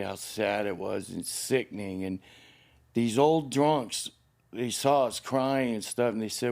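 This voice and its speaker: A man's voice: mid-range voice, a little mellow. An older man from Los Angeles, the host's father, telling painful childhood memories in a rambling, heavily profane way. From Los Angeles, United States. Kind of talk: candid personal storytelling.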